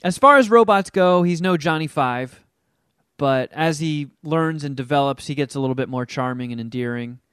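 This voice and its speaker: A man's voice: on the high side, moderate pace, smooth, no room sound, studio quality. A man co-hosting a podcast, telling about a movie in rambling, profane casual chat. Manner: rambling, profane, animated storytelling. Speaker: podcast co-host.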